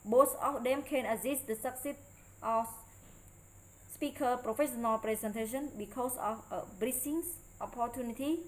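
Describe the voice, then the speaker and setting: A bit of hiss or hum runs under a rough recording of a woman with a fairly high voice. She's a student carefully reading a presentation aloud as a lecture, pausing hesitantly, with non-native grammar.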